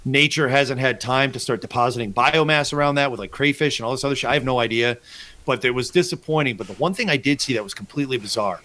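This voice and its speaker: A man's voice: mid-range voice, quick pace, sharp tone. A man hosting a casual fishing podcast, telling rambling, profane stories about his trips. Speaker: podcast host.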